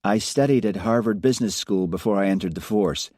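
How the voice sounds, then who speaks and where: A man's voice: lowish voice, a little fast, dark tone, dry recording, clean studio sound, natural voice. A man voicing a blunt Russian policewoman inspector with a Russian accent tinged with American, speaking curtly and formally. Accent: Russian with faint American tones. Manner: curt, formal and commanding.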